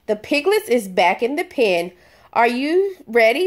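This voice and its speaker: A woman's voice: a little high, very animated. A woman reading a children's picture book aloud, adding barks and oinks along the way. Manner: slow, sing-song read-aloud with barking and oinking sound effects. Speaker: storybook reader.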